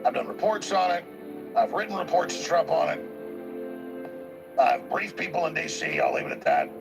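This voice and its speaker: A male talk show host with a notably high voice and a gravelly, fry-heavy rasp. He delivers an insistent political monologue that keeps circling back and repeating words as he drives his points home. Music plays clearly behind him. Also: sing-song, normal speed. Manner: emphatic, rambling, repeats words when pushing a point.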